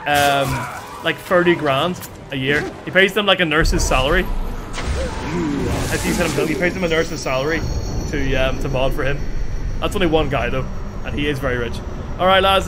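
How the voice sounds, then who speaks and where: A young man streaming a video game, chatting casually and excitedly with his viewers. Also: on the high side, normal speed, pauses often, noisy background. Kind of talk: casual live-stream commentary. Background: game music and sounds.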